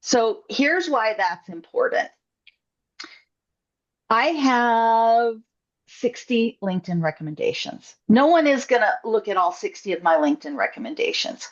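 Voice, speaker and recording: A woman's voice: a little high, animated, measured pace. Woman, workshop coach, upbeat and encouraging, slightly dull lo-fi call audio. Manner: upbeat, encouraging, chatty with fillers. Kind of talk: online group coaching session. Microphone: video call.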